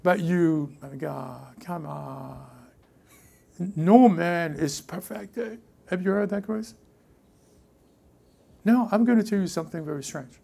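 A man with a French accent preaching a sermon as pastor, emphatic, repeating key phrases and dropping into hushed asides. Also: fairly high pitch, slow, gravelly, pauses often, husky.

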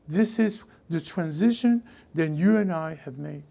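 French accent guy preaching, kinda gravelly low mellow voice, keeps repeating stuff and going quiet. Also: expressive, measured pace, hardly any pauses. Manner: emphatic, repeats key phrases, drops to hushed asides. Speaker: pastor. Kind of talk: sermon.

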